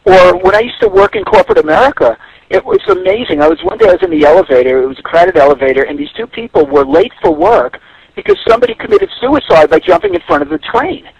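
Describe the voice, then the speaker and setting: A high-voiced man speaking as a radio guest, telling stories in a reflective way. His voice is gravelly and husky, and his pitch swings widely. The sound is dry and close. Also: wildly swooping pitch, quick pace, dry recording, dull audio. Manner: storytelling, reflective. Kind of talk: radio interview.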